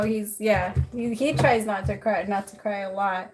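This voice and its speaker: A woman's voice: mid-range voice, steady tone, a little slow, few pauses, darkish tone, slight background noise. A woman giving a live-stream tarot reading, chatty, with many filler words, calling the viewer "my love". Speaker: tarot reader.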